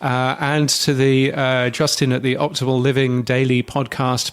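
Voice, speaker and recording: A man's voice: medium pitch, flat delivery, normal speed, few pauses, clear, resonant tone. A man co-hosting a podcast, chatting casually with plenty of fillers. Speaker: podcast co-host.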